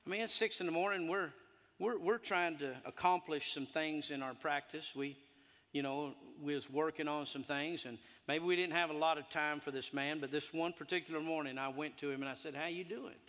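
A man in his fifties preaching a sermon, telling a personal story, then building fervently until he shouts. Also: on the high side, steady tone, moderate pace. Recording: echoey hall.

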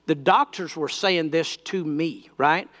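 A man's voice: a little high, takes it slowly, a bit bright. A man preaching a sermon, telling a personal story that builds into fervent declarations.

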